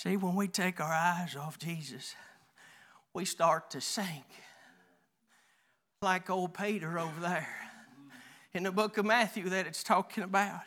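A man with a high, slightly bright voice preaches a folksy sermon. He calls the congregation "honey" and reads scripture aloud haltingly, with small stumbles.

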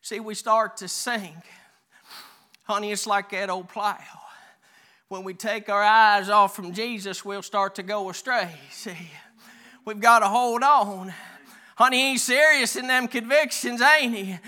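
High, bright-voiced preacher man. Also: fairly even intonation. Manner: calls listeners "honey", reads scripture aloud haltingly. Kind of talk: folksy sermon.

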